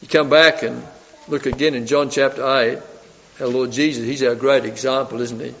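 A man preaching a sermon, putting rhetorical questions to his listeners and swinging between loud emphasis and soft asides. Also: medium pitch, steady tone, moderate pace, vocal fry, a little hiss or hum. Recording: reverberant hall, dull lo-fi sound.

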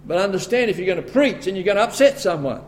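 A man with an Australian accent preaching a sermon, quoting scripture and rising to forceful, emphatic bursts. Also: sits high, expressive, fast talker.

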